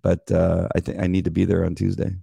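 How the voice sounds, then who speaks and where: A middle-aged man co-hosting a casual chat, telling animated stories, acting out voices and laughing often. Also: deep voice, fast talker, vocal fry, breathy edge, dry recording. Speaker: podcast co-host.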